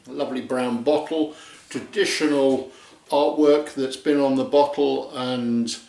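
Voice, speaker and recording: Slow, chatty man in an echoey room. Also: mid-range voice, steady tone, gravelly, a little mellow. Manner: chatty, jokey, describing to camera. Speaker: beer reviewer, channel host. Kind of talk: casual review vlog.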